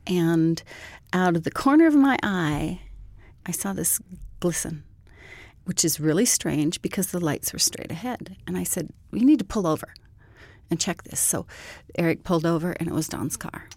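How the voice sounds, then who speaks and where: A woman telling a personal story as an interview guest, in a calm and measured way. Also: lowish voice, no echo.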